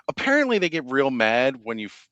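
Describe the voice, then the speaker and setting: Male host, mid pitch, jokey storyteller, dry close mic. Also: wildly swooping pitch, brisk, fairly bright tone, dry recording, highs cut off. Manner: jokey, laughs at his own stories. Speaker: live stream host. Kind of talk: casual chat, storytelling.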